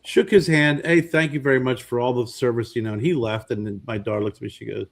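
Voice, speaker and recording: Gravelly and quick, with a medium pitch, this man co-hosts a podcast. He tells stories in a casual, animated way and performs the voices of anyone he quotes.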